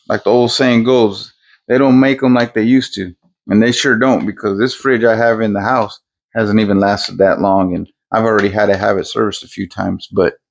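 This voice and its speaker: An older vlogger with a lowish voice and vocal fry, recorded with no echo, chats into his phone camera. Working on a fridge outdoors by his garage, he makes a casual day-in-the-life vlog, rambling in an easygoing way and talking to himself.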